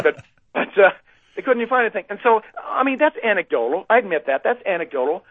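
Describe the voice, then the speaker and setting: A man's voice: high voice, big pitch swings, fast talker, fairly bright tone, dry recording. A man from the United States talking with many fillers and restarts as he tells a long story to a host, heard over a phone line. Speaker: guest speaker. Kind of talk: conversational storytelling.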